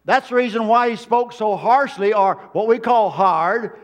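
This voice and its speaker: A man with a high-pitched voice delivers a sermon from the pulpit. He hammers his points home with repeated phrases and reaches out to the congregation for amens. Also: unhurried. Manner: emphatic preaching with repeated phrases. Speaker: preacher.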